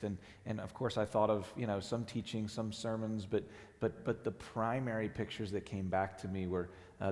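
A hoarse man in his forties, the lead pastor, preaching a sermon in a halting, earnest way with many restarts. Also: on the low side, darkish tone. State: hoarse, strained voice. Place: church sanctuary. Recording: long hall reverb.

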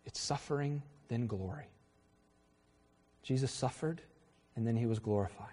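A middle-aged man, a pastor, preaching in an earnest, conversational way with pauses and self-corrections. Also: mid-range voice, warm tone. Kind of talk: sermon. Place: church sanctuary. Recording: reverberant hall.

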